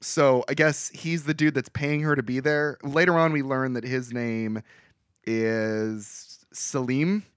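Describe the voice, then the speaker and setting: A man co-hosting a casual podcast, retelling a movie with wry, animated asides. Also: mid-range voice, takes it slowly, clear, resonant tone, dry recording, studio quality. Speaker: podcast co-host. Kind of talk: casual movie recap chat.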